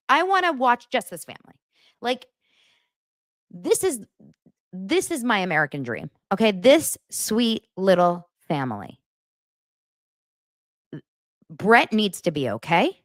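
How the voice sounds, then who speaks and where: Gushing, animated woman host. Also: mid-range voice, no echo, studio quality. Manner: gushing, animated, lots of "like" fillers. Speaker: podcast host recapping reality TV. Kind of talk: casual chatty commentary.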